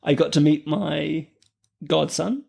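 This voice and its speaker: A man's voice: fairly high pitch, takes it slowly, gravelly, a little mellow, breathy edge. A man co-hosting a podcast, telling a story in casual chat with lots of fillers and laughs. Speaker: podcast co-host.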